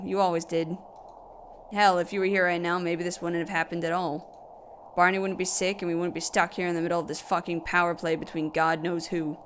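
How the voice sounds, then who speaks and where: A woman's voice: fairly low pitch, a little hiss or hum, natural voice. A woman reading as a swearing, grief-torn mother. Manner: tearful, swearing, talking to a grave. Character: grieving young mother, bitter and exhausted.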